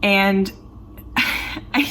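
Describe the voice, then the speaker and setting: A woman's voice: medium pitch, steady tone, drawn-out words, pushed and bright, far from the mic. A young woman rambling through a casual film review, full of "like" and sarcastic asides. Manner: chatty, rambling, heavy use of "like", sarcastic asides. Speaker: film commentary YouTuber.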